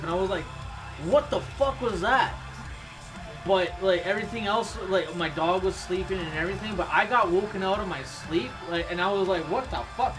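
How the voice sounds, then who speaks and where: A man streaming, chatting casually in a laid-back way, swearing often and laughing at his own stories. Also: sits high. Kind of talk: casual rambling chat. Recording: music playing in the background. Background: music.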